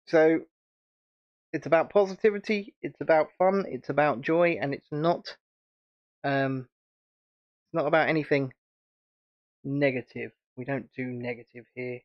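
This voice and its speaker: A man's voice: a little high, a little slow, pauses often, muffled recording. A British man hosting a casual livestream chat, chatty and rambling, and laughing often. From United Kingdom. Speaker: channel host.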